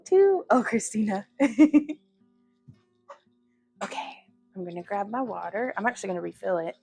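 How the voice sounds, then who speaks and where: A woman's voice: mid-range voice, darkish tone, dry recording. A woman hosting a casual livestream, chatty and giggly, often laughing at herself. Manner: giggly, chatty, self-deprecating. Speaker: livestream host.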